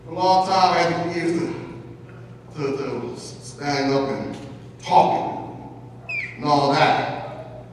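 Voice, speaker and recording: A male pastor preaching a sermon in a church, animated and trading call-and-response with the congregation. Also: a little high, slow, pauses often, far from the mic. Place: large church sanctuary. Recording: echoey hall miked from afar, congregation noise.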